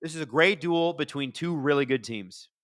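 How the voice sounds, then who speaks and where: Recorded close and dry with no room sound, a man hosts a hockey watchalong stream, chatting with viewers and drifting through stories until he snaps back to call the action excitedly. His fairly high-pitched voice is bright and forceful, at a normal speed.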